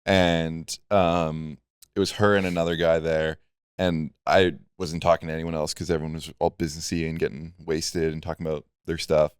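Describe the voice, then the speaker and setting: A man's voice: rumbling low, flat delivery, moderate pace, clear, resonant tone, no echo. A man co-hosting a podcast, chatting in a laid-back way with dry quips. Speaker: podcast co-host. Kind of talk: casual chat.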